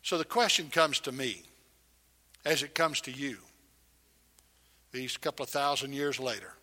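Man, pastor, sermon, forceful bright tone, dynamic loud-to-hushed delivery, long hall reverb. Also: medium pitch, unhurried. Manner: swings between loud emphasis and hushed near-whispers.

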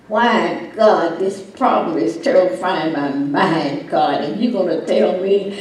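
Slow, echoey woman preaching a sermon. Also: lowish voice. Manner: emphatic, swelling to loud climaxes. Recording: echoey room, distant mic.

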